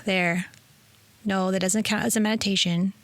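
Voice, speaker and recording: A woman's voice: medium pitch, normal speed. Effusive woman, spiritual teacher. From Italian heritage. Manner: energetic, effusive, rambling. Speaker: spiritual teacher and podcast host. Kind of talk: casual inspirational monologue.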